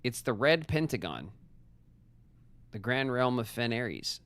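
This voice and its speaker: This is casual live gameplay commentary: working through puzzle clues, he jokes around, talking both to chat and to himself. He has a mid-range, sing-song voice that moves at a measured pace, a bit bright, with no echo.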